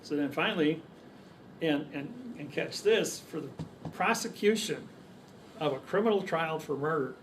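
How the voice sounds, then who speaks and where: Man, rambling storyteller, lots of restarts, higher-pitched, faint room noise. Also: lively intonation, normal speed. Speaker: speaker telling stories to a crowd. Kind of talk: casual storytelling. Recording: distant mic, faint background noise.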